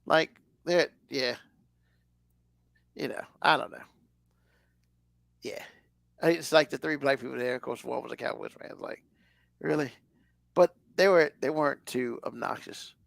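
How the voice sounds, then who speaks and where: Gravelly man chatting loosely. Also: mid-range voice, measured pace, pauses often, no echo, clean studio sound. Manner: rambling, loose, lots of fillers. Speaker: podcast co-host. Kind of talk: casual chat.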